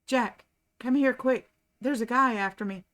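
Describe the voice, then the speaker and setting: A woman voicing a frightened young woman who screams for help, in a high, urgent voice. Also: normal speed, fairly bright tone. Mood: alarmed.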